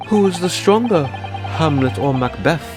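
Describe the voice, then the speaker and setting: A man's voice: fairly high pitch, lively intonation, a little slow, over music, pitched above the performer's own voice. A man doing a grandly declaiming theatrical lodger. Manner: grand, archaic stage declaiming. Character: theatrical male lodger forever quoting old plays. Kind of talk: fan voicing a game.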